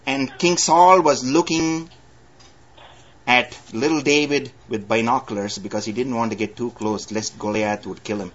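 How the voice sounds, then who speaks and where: A man preaching a sermon as a story, with humorous asides and slowed dramatic emphasis, in a dull lo-fi recording. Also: mid-range voice, fairly bright tone, slight background noise.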